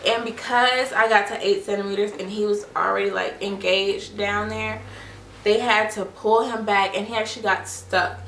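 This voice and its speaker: A young woman with a bright, slightly gravelly voice chats to her viewers as she tells a personal story. She talks casually and acts out other people's lines as she goes. The sound is roomy and a little distant, with a faint hum of the room behind her. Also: mid-range voice, steady tone, normal speed. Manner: chatty, addresses viewers as "you guys" and "y'all". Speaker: vlogger. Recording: echoey room, mic at a distance.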